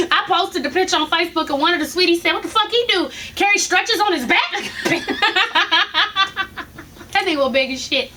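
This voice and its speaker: Vlogger, woman, bright high voice, animated and profane, laughs often, faint noise behind. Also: normal speed. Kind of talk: casual storytelling.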